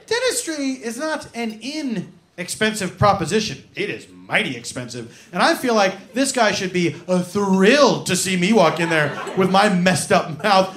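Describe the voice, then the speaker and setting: A man doing a stand-up comedy set, animated and acting out indignant voices. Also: sits high, moderate pace, crowd noise. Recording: echoey live room with audience noise.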